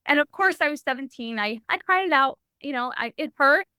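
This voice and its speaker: A young adult woman sharing a personal story in a podcast interview, animated and full of "like" and restarts. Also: high voice, fairly quick, hardly any pauses, dry recording. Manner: animated, heavy use of "like", frequent restarts. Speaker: podcast guest.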